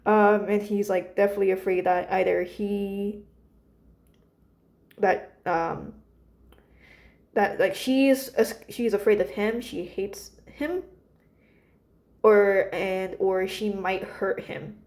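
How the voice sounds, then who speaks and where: A woman's voice: mid-range voice, fairly even intonation, slow, long pauses, a little mellow. A woman casually retelling a story about her characters, rambling with many fillers and restarts.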